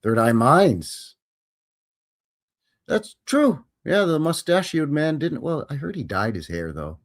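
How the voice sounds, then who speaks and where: Man, live show host, casual chat, greets viewers by name, animated pitch. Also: slow.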